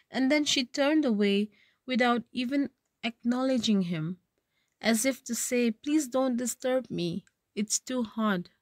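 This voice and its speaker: A woman's voice: a little high, a little mellow, dry recording. A woman teacher reading a story aloud, then retelling each passage in simpler words.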